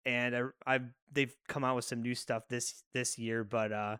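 A man's voice: medium pitch, little pitch movement, normal speed, pushed and bright, clean tone, no room sound, clean studio sound. A man co-hosting a casual podcast from home, joking and laughing often. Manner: joking, laughs often, puts on silly accents. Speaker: podcast co-host. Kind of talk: casual chat. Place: home in Chicago.

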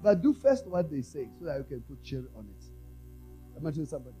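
Speaking fast, a South African apostle preaches in a high, energetic voice with a mellow tone and a broad pitch range, faint music underneath and low-quality audio. He has the crowd repeat lines, alternating hushed, low remarks with raised, loud exhortation.

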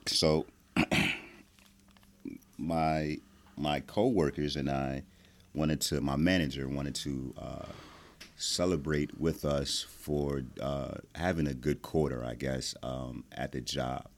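A man with an extremely deep, low voice chatting casually as a podcast guest. He is laid-back and hesitant, pausing often with "um" and "uh" as he recalls his story. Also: fairly even intonation.

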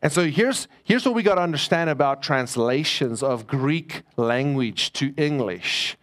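Pastor preaching a casual sermon. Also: male voice, mid-range voice, lively intonation, measured pace, a bit bright. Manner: conversational preaching, jokes with the congregation.

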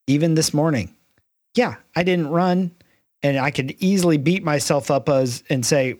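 A man's voice: fairly high pitch, a little mellow, dry recording. Middle-aged man, dry close sound. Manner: halting, many restarts. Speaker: podcast co-host. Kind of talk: casual faith discussion.

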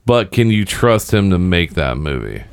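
A man's voice: low voice, very animated, moderate pace, clear, resonant tone, dry recording, clean studio sound. A man in his thirties hosting a casual chat, rambling and swearing freely, with lots of fillers. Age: 30s. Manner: rambling and profane, with many fillers.

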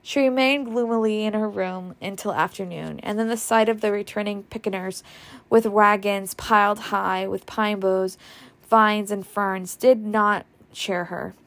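A woman reading a novel aloud, expressive and changing her voice for the characters. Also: medium pitch, a little slow. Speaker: audiobook reader.

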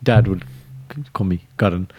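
A young man co-hosting a podcast, chatting casually, animated and laughing often, dropping Punjabi phrases in. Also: deep voice, normal speed, dry recording. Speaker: podcast co-host. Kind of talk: casual chat.

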